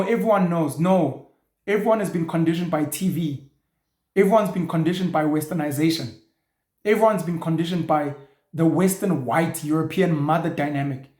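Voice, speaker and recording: A man's voice: fairly high pitch, moderate pace, a little mellow. A man, hosting a show and ranting bluntly in an opinionated monologue, now and then swearing. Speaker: show host. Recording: echoey room.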